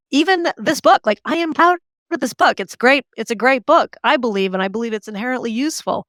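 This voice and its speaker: A woman author as an interview guest, talking in an animated, chatty way with many fillers and restarts. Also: high-pitched, no room sound. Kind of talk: conversational interview.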